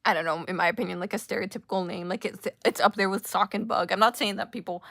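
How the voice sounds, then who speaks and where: A woman's voice: medium pitch, fairly even intonation, fast, vocal fry, a bit bright, dry recording, clean studio sound. A young woman giving a sarcastic, casual commentary rant full of filler words. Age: young adult. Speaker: commentary YouTuber.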